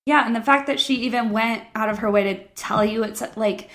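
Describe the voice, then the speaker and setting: A woman's voice: on the high side, fairly even intonation, a bit bright. Giggly woman podcast co-host. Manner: giggly, emphatic, quick to agree. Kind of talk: casual podcast chat.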